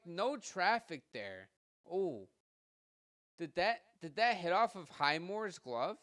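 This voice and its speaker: A man giving live hockey play-by-play from home, rattling off passes and shots and getting louder on goals, with casual asides to his listeners. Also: high-pitched, big pitch swings, slow, no echo, clean studio sound. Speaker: podcast host doing live play-by-play.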